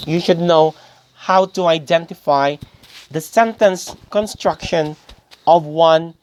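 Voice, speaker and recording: A man's voice: a little high, takes it slowly, a little mellow, slight background noise. A male English teacher giving a grammar lesson, posing questions to the class and then answering them himself, often calling his listeners "guys" and repeating key phrases.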